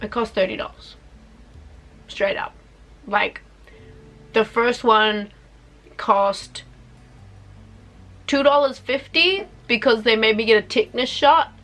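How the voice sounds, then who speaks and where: A young woman telling a story to camera in a chatty, animated way, acting out what people said. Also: mid-range voice. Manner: chatty, animated, acts out quotes. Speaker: vlogger.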